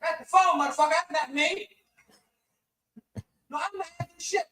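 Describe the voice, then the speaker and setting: A man's voice: very high-pitched, moderate pace, recorded from a distance, pitched above the performer's own voice, poor audio. A man putting on the voice of a drunk, belligerent father who rants and swears at his wife in a stand-up bit, slurring his words. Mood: drunk ranting. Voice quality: slurred, loud and profane.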